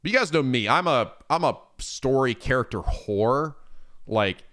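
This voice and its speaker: This streamer, a man with a mid-range voice, takes his time as he chats on his livestream. He reads messages from viewers and replies in a lively, profane way, laughing often.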